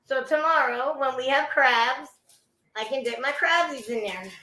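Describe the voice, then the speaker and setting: A woman's voice: sits high, unhurried, pushed and bright, echoey room. Chatty woman streaming from home. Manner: chatty, loose and profane. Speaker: livestream host. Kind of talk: casual livestream chat. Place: at home indoors.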